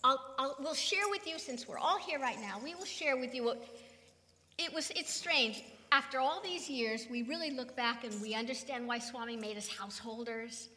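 A woman's voice: high-pitched, moderate pace, bright, forceful tone. An older woman from California giving an emphatic spiritual talk to an audience. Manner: emphatic, preaching. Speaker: spiritual teacher. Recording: long hall reverb.

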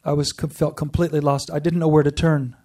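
A man giving an earnest personal testimony to a group, telling his story with pauses and restarts. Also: a little high, level tone, dark tone, recorded from a distance. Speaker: speaker sharing a personal spiritual story.

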